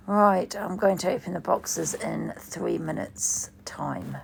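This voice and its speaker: A woman chatting casually on a livestream, rambling and swearing as she goes. Her voice is deeply gravelly and fairly low, and she takes her time with each phrase. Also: lively intonation, drawn-out words, long pauses, a little hiss or hum. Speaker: livestream host. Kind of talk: casual chat.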